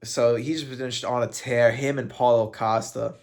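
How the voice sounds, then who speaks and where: A man's voice: mid-range voice, fairly even intonation, normal speed, darkish tone. A man commenting on combat sports in a casual fight breakdown, joking and laughing often.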